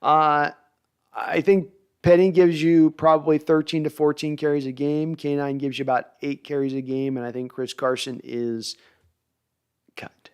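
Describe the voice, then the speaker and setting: A man's voice: on the high side, level tone, normal speed, smooth. A man hosting a sports podcast livestream, chatty and self-deprecating as he reads viewer comments. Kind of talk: casual livestream chat, reading comments.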